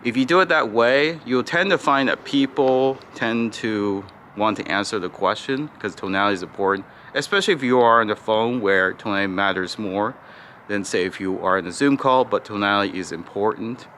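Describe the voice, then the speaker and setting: Guy explaining sales call tricks, low-ish but bright voice, kinda flat and slow, says right? a lot, bit of background noise. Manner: calls his own default voice flat and slow, demonstrates tones; frequent "right?" and "you know" fillers. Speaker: sales coach. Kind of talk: casual spoken tutorial.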